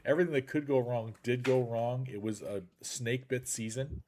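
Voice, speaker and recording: A man's voice: medium pitch, normal speed, slight background noise. A man hosting a casual live chat show over a video call, joking and rambling, sounding a little congested. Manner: lively, jokey, rambling. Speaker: podcast host.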